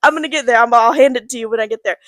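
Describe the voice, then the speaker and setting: Young woman rambling through a school story with lots of likes, pretty high voice, dry sound. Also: very fast, fairly bright tone, no echo. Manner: rambling, many "like"s, laughs often. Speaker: podcast co-host. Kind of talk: casual storytelling chat.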